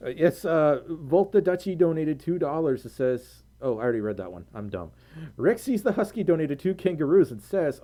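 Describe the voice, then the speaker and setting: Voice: mid-range voice, animated, moderate pace, warm tone. A tired American streamer chatting casually on a live stream, giggling and rambling while reading out viewer donations. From United States.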